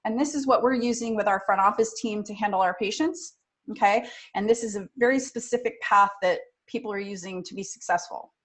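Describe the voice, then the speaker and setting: A middle-aged woman giving a training talk to front office staff, direct and energetic in her coaching. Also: medium pitch, fairly quick.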